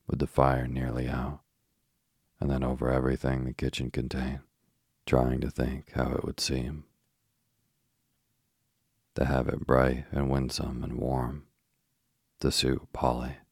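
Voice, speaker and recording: A man narrating a storybook in a low gravelly voice, measured and unhurried. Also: a little mellow, no room sound, studio quality. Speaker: audiobook narrator. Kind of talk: storybook reading.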